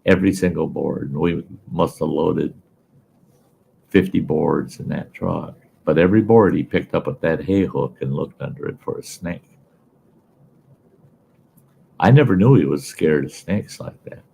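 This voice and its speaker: A man telling a folksy story in casual, animated style as a show host. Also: a bass voice, unhurried, vocal fry, pauses often, slight background noise. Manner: folksy, animated yarn-spinning.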